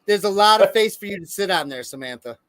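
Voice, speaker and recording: High bright man cracking quick jokes. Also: expressive. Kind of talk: casual comedic chat.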